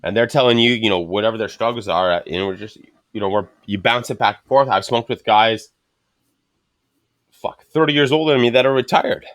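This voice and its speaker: A man's voice: lowish voice, fairly quick, a bit bright, no echo, clean studio sound. A man telling loose, profane stories in a casual chat. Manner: loose, profane, rambling storytelling. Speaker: podcast guest.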